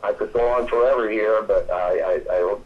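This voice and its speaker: An older man from Atlanta, Georgia, calling in as a guest and telling stories in a halting, rambling way with many restarts. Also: on the low side. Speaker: phone-in guest. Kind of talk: casual storytelling chat. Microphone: telephone. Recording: tinny phone line.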